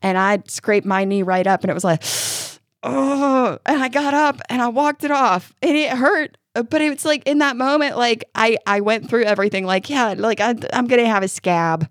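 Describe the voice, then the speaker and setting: A woman co-hosting a casual parenting podcast, telling animated stories and acting out how she soothes her child. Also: a little high, normal speed, few pauses, dry recording, clean studio sound. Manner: animated storyteller, acts out soothing lines, laughs often. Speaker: podcast co-host.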